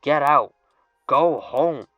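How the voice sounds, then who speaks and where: A man's voice: on the high side, slow pace, dry recording, soft background music. A man voicing a fed-up female wrestling challenger who is impatient to get her title shot. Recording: dull lo-fi dry recording.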